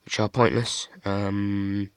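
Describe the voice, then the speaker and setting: A man's voice: lowish voice, level tone, slow, background noise. A man with a cold, rambling with lots of ums as he shows off a model he built. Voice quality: husky. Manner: rambling, many ums, self-deprecating asides. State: stuffy and congested from a cold. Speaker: hobby builder showing his model. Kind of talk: casual show-and-tell.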